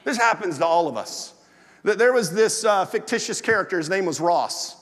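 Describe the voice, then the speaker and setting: A male pastor with a strikingly high voice delivers a sermon in an animated storytelling manner. His words ring out with a long reverb from a large church hall. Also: moderate pace. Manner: animated storytelling with acted asides.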